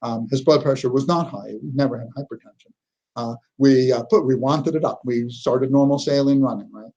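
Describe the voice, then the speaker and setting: A man's voice: mid-range voice, a little fast, mellow, lo-fi sound. A man giving a neurology lecture, telling clinical stories in a conversational way and often checking in with "okay?". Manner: conversational, anecdotal, frequent "okay?" check-ins. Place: lecture hall.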